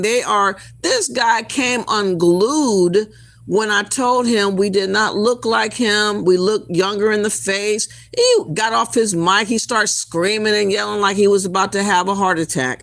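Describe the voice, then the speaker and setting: A man's voice: high voice, a bit bright, dry recording. A man hosting reaction commentary, blunt and indignant as he talks over clips. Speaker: commentary channel host.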